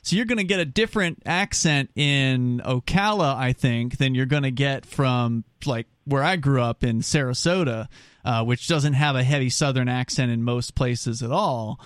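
A man's voice: mid-range voice, moderate pace, dry recording, studio quality. A man from Florida hosting a radio talk show, easygoing and conversational with callers. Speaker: host.

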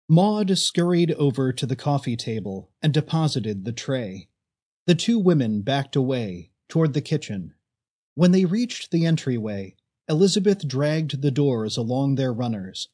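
A man reads a story aloud at a slow, deliberate pace. His pitch moves widely and expressively, sitting a little high for a man. The voice has a husky edge. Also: expressive, a little mellow. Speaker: narrator. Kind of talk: audiobook narration.

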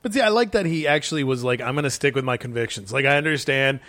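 A man talks comics in a loose, enthusiastic ramble, often slipping into quick quotes of the characters. His voice sits at an average pitch, and the room around him is dry and close. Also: fairly bright tone, no echo. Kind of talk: casual chat about comics.

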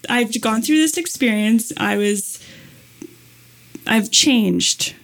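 Slightly high and gravelly, this woman's voice moves at a slow pace. As a podcast guest she chats casually, animatedly recounting a long story thick with "um" and "like."

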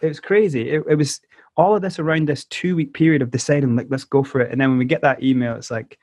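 A Scottish-accented man talks through a casual interview, lively and quick to slip into the voices of people in his stories. His voice sits at an ordinary middle pitch, and the sound is dry and close with no room echo. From South Africa. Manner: animated storyteller who acts out quoted voices. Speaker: musician guest.

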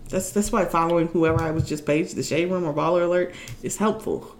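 A woman's voice: fairly low pitch, steady tone, a little fast. A young woman co-hosting a podcast, chatting casually in a dry, teasing way. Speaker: podcast co-host. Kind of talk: casual chat.

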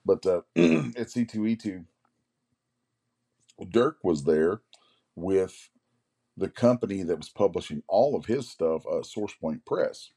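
A man in his forties, a comic artist, telling rambling anecdotes in a casual interview, often clearing his throat. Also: low voice, animated, takes it slowly, long pauses, mellow. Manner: rambling anecdotes, acts out others' lines.

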